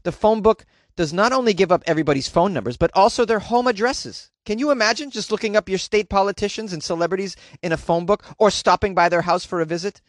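A man's voice: high-pitched, fast talker, dry recording, studio quality. A man hosting a comedy podcast, reading news stories and mocking them with sarcastic jokes. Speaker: podcast host.

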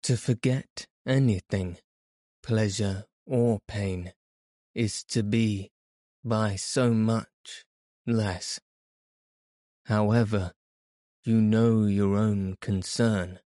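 A man voicing a calm, worldly hypnotist speaking in a measured, detached way. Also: on the low side, dry recording, studio quality.

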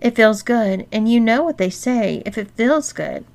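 A woman's voice: a little high, lively intonation, measured pace, creaky, a little mellow. A woman voicing a carefree, gleeful young woman who teases casually. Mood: teasing.

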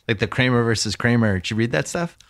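A man's voice: mid-range voice, fast, a bit bright, dry recording, clean studio sound. A man hosting a podcast in casual conversation, chatty and enthusiastic as he tells anecdotes. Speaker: podcast host.

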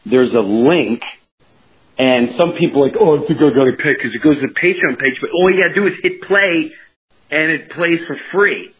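A man hosting a podcast in casual chat, telling stories in an animated, rambling way with many restarts. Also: a little high. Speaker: podcast host. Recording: dull lo-fi sound with faint noise.

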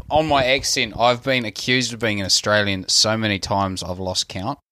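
Bright-voiced New Zealand man. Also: fairly low pitch, fairly even intonation, normal speed, no echo. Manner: thoughtful, hedging, laughs easily. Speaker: podcast guest panelist. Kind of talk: casual analytical chat. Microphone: remote call.

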